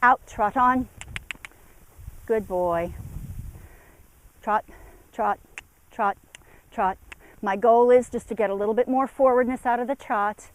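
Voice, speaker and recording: A woman's voice: on the high side, a little slow, pauses often, a little hiss or hum, low-quality recording. Woman trainer calling commands to a horse. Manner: calls out commands to a horse between explanations. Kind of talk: outdoor instructional demonstration. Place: outdoor arena.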